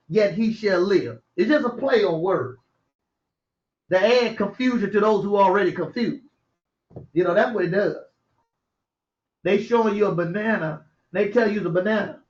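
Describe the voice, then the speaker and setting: High-voiced man preaching slowly, roomy lo-fi sound. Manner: slow, reads verses aloud then explains them, laughs to himself. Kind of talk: scripture teaching. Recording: roomy, dull lo-fi audio.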